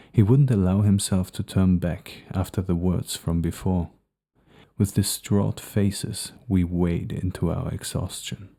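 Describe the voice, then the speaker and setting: A man reads a first-person novel aloud at a steady, measured pace. His voice is very low and gravelly, with a dark, mellow tone. It sounds like a calm audiobook reading. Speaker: audiobook narrator.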